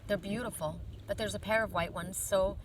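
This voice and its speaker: Woman card reader, gentle and chatty, recorded on a phone outdoors by a lake with clear background noise. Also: medium pitch, fairly even intonation, normal speed. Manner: gentle, chatty, drifting off into asides. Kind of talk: outdoor card reading vlog. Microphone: phone camera.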